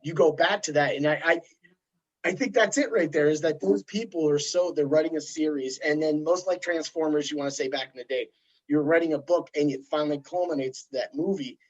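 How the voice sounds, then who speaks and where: A man hosting a podcast, chatting casually in a rambling, animated way. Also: on the high side, a little fast. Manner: rambling, animated storytelling with put-on voices. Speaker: podcast host. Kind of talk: casual chat. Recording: dull lo-fi sound.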